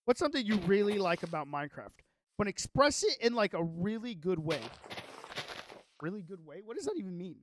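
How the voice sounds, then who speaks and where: A man streaming a game, chatting casually, excitable and rambling, often cutting himself off. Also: high-pitched, fairly quick, background noise. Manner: excitable, rambling, self-interrupting. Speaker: gaming streamer. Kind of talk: casual livestream chat while playing.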